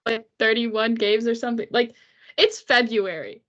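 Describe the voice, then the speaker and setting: A woman co-hosting a casual hockey podcast, talking quickly and rambling with fillers and laughs. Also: fairly high pitch, fairly even intonation, fairly bright tone, lo-fi sound. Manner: fast, giggly, rambling with fillers. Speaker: podcast co-host. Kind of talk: casual chat.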